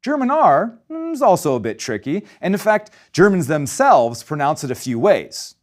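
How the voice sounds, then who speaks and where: Lively male German teacher, animated pitch. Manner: lively, demonstrative, models pronunciations slowly. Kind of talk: scripted language lesson.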